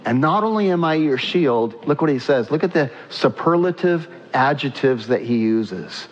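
A man's voice: a little high, lively intonation, normal speed, few pauses, big-room sound, lo-fi sound. A man preaching a sermon in a conversational way, asking his congregation questions and repeating himself as he goes. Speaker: pastor.

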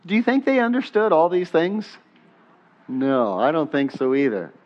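Pastor guy preaching, kinda high voice, chatty, has the church say stuff back, muffled recording. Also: normal speed. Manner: conversational, asks the congregation to repeat lines; animated, rising on questions, drops soft on prayers. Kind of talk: sermon. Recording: dull muffled sermon recording.

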